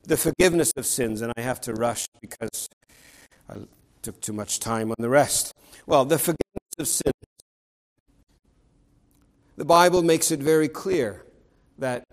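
A man's voice: mid-range voice, low-quality recording. A man preaching a sermon in an earnest, emphatic way, stressing key words and often restarting phrases.

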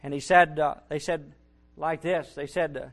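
A man's voice: fairly high pitch, steady tone, normal speed. A man preaching a sermon, building to emphatic bursts and repeating his phrases. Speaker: Baptist preacher.

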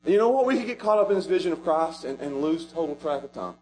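A man preaching a sermon as pastor, animated and rising to shouts at the high points. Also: fast talker.

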